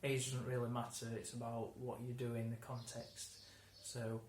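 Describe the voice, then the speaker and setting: A man talks through common words in a relaxed lesson, mid-pitched, reaching for examples and laughing. His voice sits in a roomy room with a faint ambient hiss behind it. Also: moderate pace. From England. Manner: relaxed, explains with examples, often restarts and laughs. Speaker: English teacher. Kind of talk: conversational lesson.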